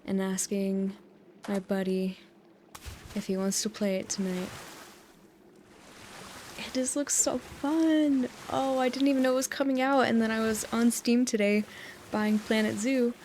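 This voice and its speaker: A woman's voice: on the high side, little pitch movement, measured pace, long pauses, darkish tone, a little hiss or hum. A young woman in her twenties from the US, chatting and telling meandering stories with frequent giggles while she plays a game at home on a close dynamic mic. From United States. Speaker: gaming YouTuber. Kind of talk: rambling sleep-time gameplay chat. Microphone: USB dynamic mic close up.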